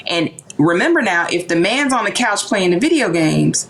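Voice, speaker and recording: Woman, low voice, animated, casual talk, acts out voices. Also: normal speed, poor audio. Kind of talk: casual conversational discussion.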